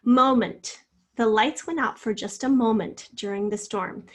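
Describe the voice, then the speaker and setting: A woman teacher giving a recorded spelling lesson to fourth graders, sounding out words slowly and carefully. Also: mid-range voice.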